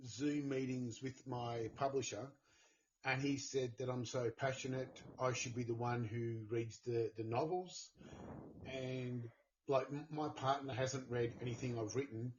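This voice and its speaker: A man's voice: medium pitch, fairly even intonation, unhurried, darkish tone, dull audio, slight background noise. A man with an Australian accent chatting earnestly and enthusiastically as a guest author. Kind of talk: casual chat.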